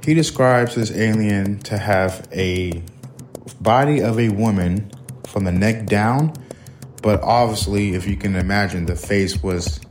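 A man's voice: lowish voice, a little slow, soft background music. A man co-hosting a podcast, chatting casually in a laid-back, joking way. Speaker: podcast co-host. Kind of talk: casual chat.

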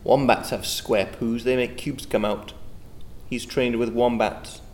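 A man's voice: mid-range voice, steady tone, a little slow, slight background noise. A man improvising comedy in a playful, dry way.

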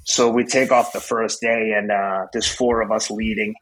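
A man in his fifties, a podcast guest, telling a story in a blunt, profane, excitable way. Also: on the low side, normal speed, slight background noise, poor audio. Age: 50s. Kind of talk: casual storytelling.

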